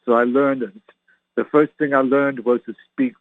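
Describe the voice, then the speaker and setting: A man's voice: medium pitch, fairly even intonation, a little slow, dry recording. A man in his sixties hosts his own show alone from an enclosed home patio. He talks in a chatty, joking, meandering way. His voice comes through thin and phone-like, and the sound is dry. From Canada. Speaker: show host. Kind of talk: rambling solo monologue. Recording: tinny phone-like line, dry.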